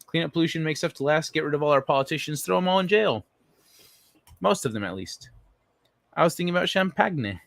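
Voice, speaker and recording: A man's voice: a little high, animated, quick pace, vocal fry, no echo. A man hosting a casual livestream, reading chat messages aloud and answering them in a blunt, profane way.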